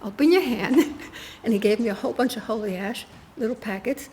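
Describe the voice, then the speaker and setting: A woman's voice: a little high, fairly even intonation, brisk, darkish tone, slight background noise. An older woman giving a guest talk, earnestly telling a personal story with quoted dialogue. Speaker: guest speaker. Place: spiritual center meeting room. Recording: echoey room with faint ambience.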